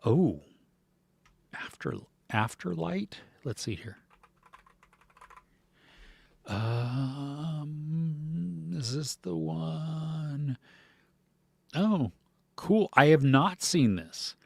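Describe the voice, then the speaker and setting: A slightly high, slightly rough male voice with vocal fry, drawn-out words and frequent pauses hosts a casual podcast. The American man rambles about movies and reads viewer comments in a relaxed way, with many fillers and little laughs. No room sound is audible.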